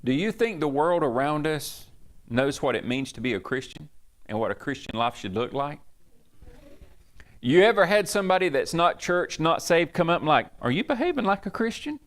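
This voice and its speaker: A man's voice: a little high, expressive, normal speed. A man, a pastor teaching a Bible study in a chatty, digressive way in a church. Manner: chatty, digressive, acts out quoted speech.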